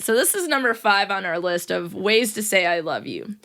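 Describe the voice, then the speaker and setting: A woman's voice: medium pitch, animated, moderate pace, fairly bright tone. A young adult woman hosting a casual solo podcast as a teacher, upbeat and playful, often laughing and putting on quoted voices. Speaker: podcast host.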